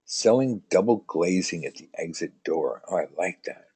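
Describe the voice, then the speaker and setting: Man, tarot teacher, live online lesson, chatty, joking, low voice. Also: lively intonation, normal speed, mellow, husky. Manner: chatty, rambling, joking, reads out viewer comments.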